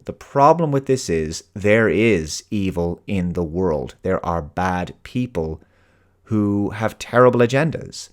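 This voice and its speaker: An Irish man hosting his own show, delivering an earnest, emphatic opinion monologue. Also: lowish voice. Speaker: host.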